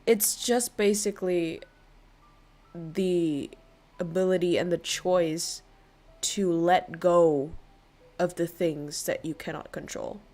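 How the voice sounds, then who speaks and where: A woman livestreamer chatting casually with her viewers, excitable, laughing often and swearing freely. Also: fairly low pitch, slow, long pauses, soft background music.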